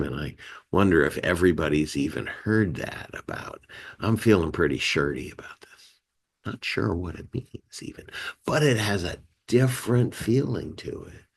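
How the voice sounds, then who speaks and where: Low gravelly man, slow and animated. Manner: animated, acts out emotion words with gasps and sighs; conversational, many "you know" and "right". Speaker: meeting host and life skills teacher. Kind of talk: community meeting talk.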